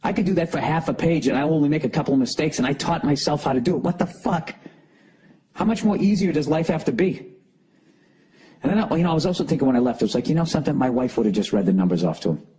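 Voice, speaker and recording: Raspy, profane man ranting solo. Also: on the high side, fast talker, dark tone. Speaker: podcast host. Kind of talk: solo comedic podcast rant.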